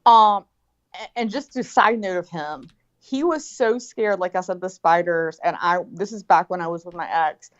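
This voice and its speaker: A middle-aged woman telling a story in casual chat, animated and profane, acting out what people said. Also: fairly low pitch, moderate pace. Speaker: guest. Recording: dull lo-fi sound.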